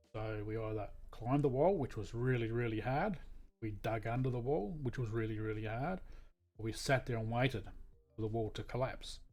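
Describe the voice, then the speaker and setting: A man's voice: mid-range voice, darkish tone. An Australian man, a veteran, chatting casually on a livestream and telling a meandering story full of asides. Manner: meandering, with frequent asides and restarts. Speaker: veteran streamer.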